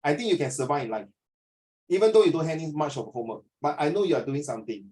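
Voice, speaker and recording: A middle-aged Singaporean man speaks in a fairly high voice, teaching a class over a video call. He lectures in an earnest, preachy way and mixes Mandarin phrases into his English. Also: expressive, quick pace, dark tone, rough recording.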